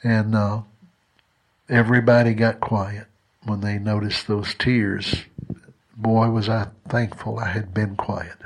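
A man's voice: lowish voice, level tone, slow pace. A man preaching a sermon in a conversational, earnest way, telling a personal story and often restarting his sentences.

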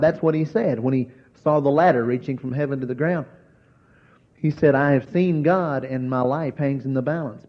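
A man preaching a sermon. He slows down to stress key words and drops to a hushed voice when he tells a story. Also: medium pitch. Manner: slow, emphatic preaching that drops to a hushed voice for stories. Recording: dull lo-fi recording.

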